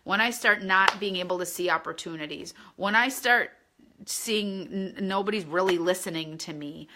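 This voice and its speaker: A woman's voice: mid-range voice, moderate pace, heavy background noise. A woman leading a spiritual course, talking earnestly and conversationally and often checking in with her listeners. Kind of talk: casual spiritual teaching.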